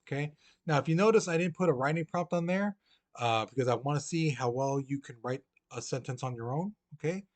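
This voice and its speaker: A man's voice: medium pitch, a little fast. A man teaching a history lesson to students in a casual, chatty way, often saying "you know" and speaking straight to the class. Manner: acts out historical figures in lively voices; talks straight to students and encourages them. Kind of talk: recorded classroom lecture.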